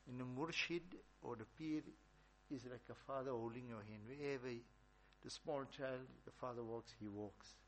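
A man with a medium-pitched voice preaches a religious sermon at a moderate pace, weaving in stories and hammering his points home through emphatic repetition. He comes across as a religious teacher, and the recording carries a slight hiss or hum.

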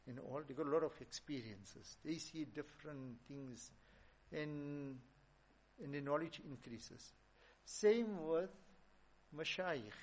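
A man's voice: a little high, slight background noise, poor audio. A man giving a sermon, telling stories in an emphatic, repetitive way. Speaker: preacher. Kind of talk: sermon storytelling.

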